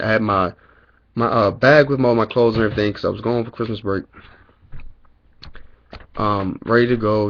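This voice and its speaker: A man's voice: lowish voice, lo-fi sound. A young man, a college student, telling his story in a rambling, profane rant full of fillers, recorded indoors on a camera mic. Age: young adult. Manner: profane, rambling, lots of "you know" fillers. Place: indoors at home, dim room.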